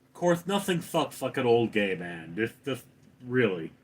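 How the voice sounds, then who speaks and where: A man hosting a casual livestream, reading chat comments aloud and answering with deadpan, sarcastic replies. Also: medium pitch, unhurried, breathy edge.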